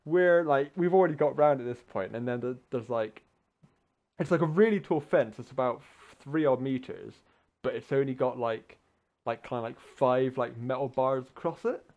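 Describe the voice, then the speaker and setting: A man hosting a gaming channel, telling a story in a casual, sweary, rambling way, full of filler words and quick acted-out voices. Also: mid-range voice, lo-fi sound. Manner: animated, acts out voices in the story. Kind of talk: casual storytelling over gameplay.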